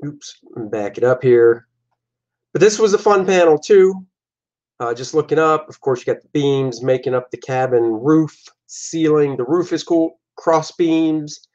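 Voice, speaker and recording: A man's voice: on the high side, a little slow, a little mellow. A man, a comic artist and host, casually talking through his own artwork in a loose, jokey, rambling way. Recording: dull lo-fi recording.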